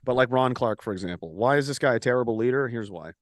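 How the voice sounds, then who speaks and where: A man's voice: medium pitch, animated, fast, no room sound, clean studio sound. A man hosting a casual satirical talk stream, ranting and mocking with plenty of swearing. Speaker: host.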